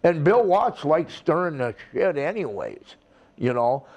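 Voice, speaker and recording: Older male wrestler, slow deliberate talker, swears and plays every part. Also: on the high side, very animated, a little mellow, highs cut off. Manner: slow, rambling storytelling with profanity and acted-out quotes. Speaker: retired wrestler, interview guest. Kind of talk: storytelling shoot interview.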